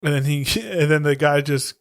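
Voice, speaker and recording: A man's voice: normal speed, no echo, studio quality. A man co-hosting a podcast, casually recapping horror stories in slang and muttering the characters' lines. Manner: laid-back, slangy, voices characters in low mutters. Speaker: podcast co-host. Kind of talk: casual profane chat.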